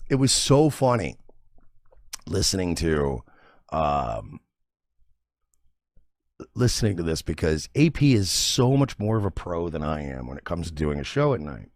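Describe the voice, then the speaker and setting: A man's voice: deep voice, dry recording, studio quality. A man hosting a stream, rambling and profane in casual reaction commentary. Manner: rambling, profane, many restarts. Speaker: stream host.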